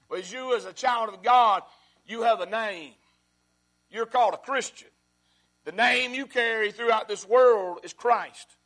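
Pastor, man, high voice; sermon delivery that repeats lines and swings from loud to hushed.

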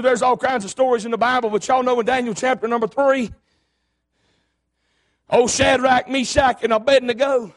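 Give me a man preaching a fervent, shouting sermon in a very high voice. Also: normal speed. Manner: fervent, often shouting, folksy retelling.

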